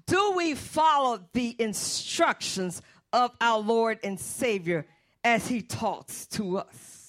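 A woman's voice: on the high side, expressive, takes it slowly, a bit bright. A woman preaching a fervent sermon and calling on the Holy Spirit as she speaks.

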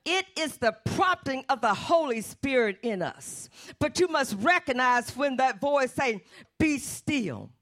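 A woman's voice: high voice, expressive, measured pace, fairly bright tone. A woman preaching a fervent sermon and calling on the Holy Spirit as she speaks.

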